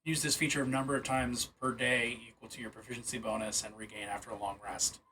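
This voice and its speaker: A man's voice: medium pitch, little pitch movement, fast talker, bright, forceful tone, a little hiss or hum. A man streaming live, reading game rules aloud and reacting in loose, casual talk with the odd swear word. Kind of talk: casual livestream commentary.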